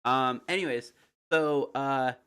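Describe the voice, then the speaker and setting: A man's voice: mid-range voice, slow, a bit bright, clean tone. A man hosting a livestream, rambling through theories in loose casual chat, full of fillers and asides to viewers. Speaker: livestream host.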